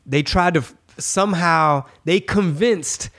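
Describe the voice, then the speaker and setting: A man from Texas co-hosting a casual podcast, talking in a loose, slangy, animated way with a slightly stuffy, congested voice. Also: on the high side, measured pace. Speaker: podcast co-host. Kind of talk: casual political podcast banter.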